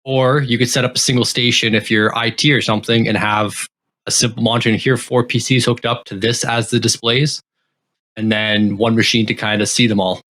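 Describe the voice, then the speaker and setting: A man co-hosts a casual tech podcast in a middle-pitched voice. He explains hardware details at length, steady and matter-of-fact. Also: a little fast.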